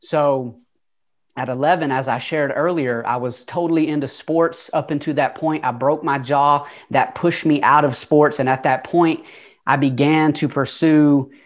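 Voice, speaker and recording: Man with a Southern twang. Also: on the high side. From Atlanta, USA. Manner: open, earnest, conversational with fillers. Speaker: guest. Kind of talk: casual interview storytelling.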